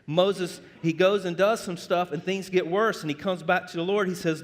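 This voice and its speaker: A man preaching a sermon as pastor of a church, conversational and animated, joking with the congregation. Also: high-pitched, moderate pace, few pauses. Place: church sanctuary. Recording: reverberant church hall.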